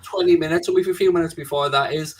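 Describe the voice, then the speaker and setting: A man's voice: on the high side, fairly even intonation, quick pace. A man hosting a casual live stream, chatty, swearing casually and reading out viewer questions from his own small studio. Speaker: stream host.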